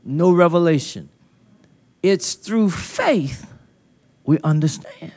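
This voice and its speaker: Male preacher, high-pitched voice, handheld mic, emphatic call-and-response, folksy phrasing. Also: lively intonation, slow, a little mellow. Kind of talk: sermon. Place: conference hall.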